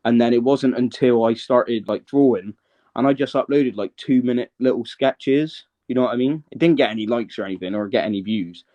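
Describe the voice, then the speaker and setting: A man talks through his story as a guest on a casual live stream, with a mid-pitched voice. He rambles and hesitates, and keeps asking whether you follow him. The audio is dull and lo-fi. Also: fairly quick. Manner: rambling, hesitant, often checks the listener follows.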